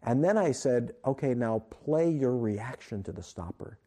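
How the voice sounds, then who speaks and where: Speaking at a measured pace in a medium-pitched voice, this male author on an interview show spins out a lengthy story. He's an animated storyteller who performs each quoted line.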